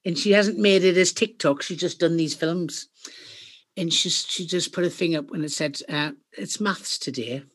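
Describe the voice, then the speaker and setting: A middle-aged woman with a Geordie accent, a podcast guest telling stories in a chatty, animated way. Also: lowish voice, normal speed. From Northeast England. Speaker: guest, company founder. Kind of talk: podcast interview.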